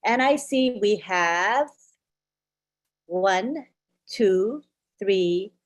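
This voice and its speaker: A woman's voice: medium pitch, lively intonation, extremely slow. Encouraging woman hosting a webinar. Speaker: webinar host. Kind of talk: casual hosting.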